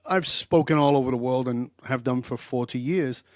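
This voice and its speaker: In a clean, echo-free studio recording, an older guest expert on a podcast speaks at a moderate pace and medium pitch. He tells his stories in a direct, emphatic and animated manner.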